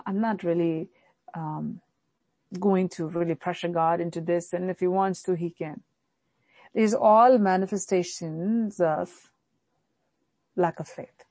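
A woman's voice: darkish tone, husky, dry recording. Woman preaching emphatically in a dry recording. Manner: emphatic preaching, acting out prayers in shifting pitch. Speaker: pastor. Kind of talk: sermon.

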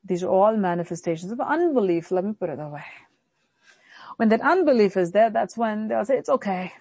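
A woman's voice: medium pitch, expressive, brisk, warm tone, husky, no room sound. A woman pastor preaching a sermon emphatically, acting out prayers with her voice rising and falling.

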